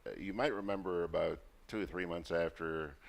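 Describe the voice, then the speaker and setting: A man's voice: fairly even intonation, brisk, gravelly. A man with a Grenadian accent hosting a call-in radio talk show, telling stories and acting out the people in them. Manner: storytelling, acts out a caller's high voice.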